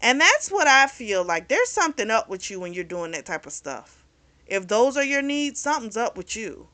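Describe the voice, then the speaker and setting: Woman, book review host, candid chatty recap, bright voice. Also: on the high side, very animated, normal speed. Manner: candid and chatty, recounting the plot with frank opinions.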